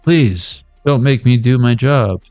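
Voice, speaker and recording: A man's voice: medium pitch, slow, a little mellow, no echo, soft background music. A man giving a casual, joking tarot reading on a livestream. He rambles and swears freely. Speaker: tarot reader.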